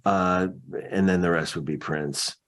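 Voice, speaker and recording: A man's voice: low-pitched, steady tone, measured pace, a bit bright. A man, a guest actor, rambling playfully in an interview with many ums. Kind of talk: casual interview chat.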